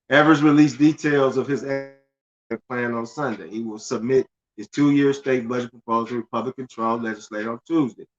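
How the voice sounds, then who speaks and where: A man's voice: medium pitch, steady tone, moderate pace. Loose-talking man, dull lo-fi sound. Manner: loose and conversational, stumbles and repeats words, laughs at himself. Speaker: finance channel host. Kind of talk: casual livestream talk reading news aloud.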